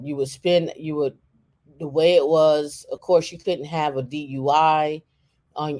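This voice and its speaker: Co-host, mid-pitched, casual and halting, thinks aloud while browsing, plenty of fillers and restarts. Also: a little mellow. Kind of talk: casual talk while browsing on a shared screen.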